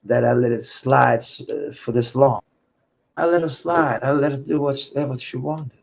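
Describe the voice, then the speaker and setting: The clip has a male vlogger in a muffled, lo-fi recording, going off on a personal, profane ramble with frequent swearing and laughter between thoughts. He talks at normal speed in a mid-range voice with vocal fry.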